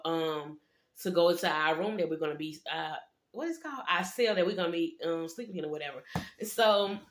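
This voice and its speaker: A woman's voice: lowish voice, roomy sound. A young woman casually telling a storytime vlog, slangy and profane, acting out the people she quotes. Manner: slangy, profane, animated quoting.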